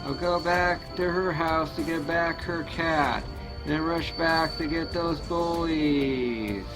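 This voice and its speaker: A man voicing a kindly flying superhero who speaks in a gentle, coaxing, earnest way. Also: a little high, slow pace, pitched below the performer's own voice, low-quality recording. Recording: loud music behind.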